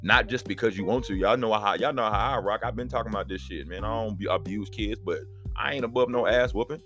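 A man hosting his own podcast, talking in a rambling, profane, animated solo monologue. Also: fairly low pitch, fast talker, soft background music. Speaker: podcast host.

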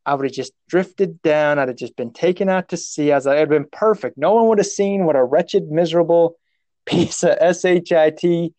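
A man with a slightly high voice tells a story in loose conversation. He rambles, restarts his sentences and laughs at his own embarrassment. The sound is dry and close. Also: normal speed, warm tone, dry recording. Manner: rambling, self-mocking, restarts often, laughs at himself. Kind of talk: casual storytelling.

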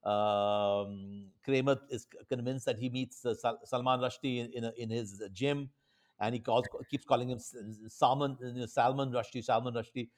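A man telling stories with enthusiasm in casual chat, with many halting restarts and fillers. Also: medium pitch, steady tone.

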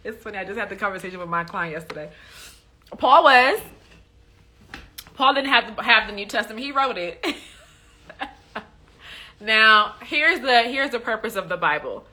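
Bright-voiced woman teaching on a livestream. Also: medium pitch, lively intonation, brisk. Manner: chatty, many fillers, preachy emphasis with repeated "okay?". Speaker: faith livestream host answering viewer questions.

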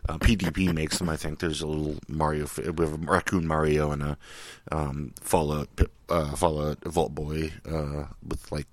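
A man's voice: rumbling low, level tone, moderate pace, dry recording. A man hosting a podcast in casual chat, sardonic and profane, rambling with lots of fillers. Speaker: podcast host. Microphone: studio microphone.

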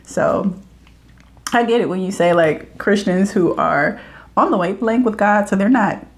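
A woman's voice: mid-range voice, moderate pace. Earnest woman retelling scripture. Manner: earnest, retells scripture stories with playful voices. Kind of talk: casual faith chat.

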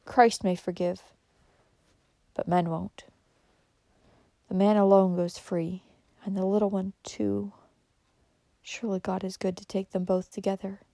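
In a storybook reading, a gentle and devout old mother voiced by a female reader speaks softly and tenderly. The voice is mellow and warm, recorded close and dry. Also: medium pitch, vocal fry, dry recording. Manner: tender, soft-spoken.

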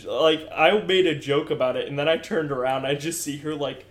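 A man's voice: on the high side, normal speed, roomy sound. A young man co-hosting a podcast, telling stories in a laid-back, swearing way and laughing often. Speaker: podcast co-host. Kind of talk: casual chat.

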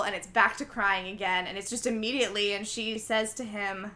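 A woman's voice: mid-range voice, moderate pace, few pauses. A young woman chatting casually on a podcast, retelling a film scene by scene and acting out the characters' lines. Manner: animated storytelling, acts out quoted lines. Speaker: podcast co-host recapping a film. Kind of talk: casual chat.

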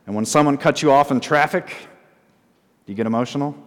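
A man preaching a sermon as pastor, often asking the congregation questions and repeating short phrases slowly for emphasis. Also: mid-range voice, in a large hall. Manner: asks the congregation frequent call-and-response questions.

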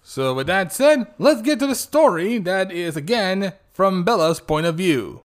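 A man's voice: sits high, animated, a little slow. A man hosting a podcast, giving casual, wry commentary with a sarcastic edge. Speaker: podcast host.

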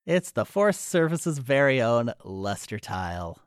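A man's voice: mid-range voice, big pitch swings, measured pace, clean tone, dry recording. A man recaps a movie for a podcast, talking casually in a mid-range voice and piling on fillers and false starts. The sound is close and dry, with no room around it. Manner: recounts scenes with fillers and restarts. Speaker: podcast co-host.

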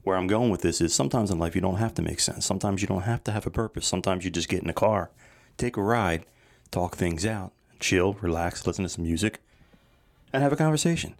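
A man's voice: deep voice, fast talker, gravelly, no echo. A middle-aged man hosting a podcast, rambling casually and laughing at himself while driving in traffic. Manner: chatty, wandering, laughs at himself. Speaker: podcast host. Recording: car road noise behind voice.

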